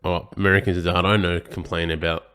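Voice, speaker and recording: A young man co-hosting a podcast, easygoing and measured in a casual chat. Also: deep voice, flat delivery, pushed and bright, clean tone. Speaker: podcast co-host.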